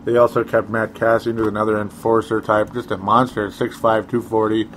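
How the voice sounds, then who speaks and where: A man's voice: on the low side, level tone, a little fast, slight background noise. A man co-hosting a sports talk show, rambling casually with chuckles and sarcastic asides.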